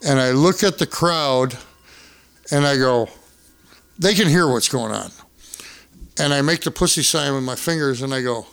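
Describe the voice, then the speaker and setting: A man's voice: medium pitch, moderate pace, smooth. A man telling a wild story in casual, profane podcast chat.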